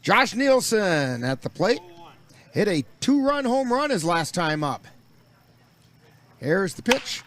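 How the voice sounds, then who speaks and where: Play-by-play man, slightly higher voice, easygoing folksy baseball calls. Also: slow pace, pauses often. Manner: relaxed, folksy asides between pitches. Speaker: play-by-play announcer.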